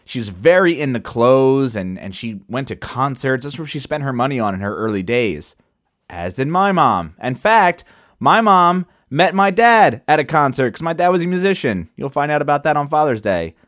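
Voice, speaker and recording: Animated, chatty male podcast host. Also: medium pitch, moderate pace, no echo, studio quality. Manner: animated, chatty, loose and profane. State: sipping wine while talking. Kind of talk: casual chat.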